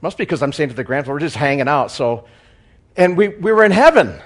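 Man, church speaker, humorous sermon story, animated, chuckling, fairly high voice. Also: a little fast. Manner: chuckling, animated joke-telling.

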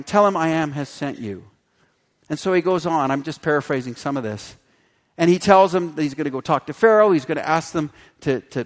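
A pastor preaching a sermon with animated delivery, acting out the voices in the story he tells. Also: on the high side. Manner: animated, acts out the figures' voices in quotes. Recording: long hall reverb.

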